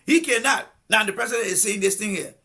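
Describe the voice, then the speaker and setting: A man's voice: high voice, quick pace, gravelly, sharp tone, breathy edge. A Liberian man hosting a live political commentary stream, combative and repeating pointed rhetorical questions. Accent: Liberian English.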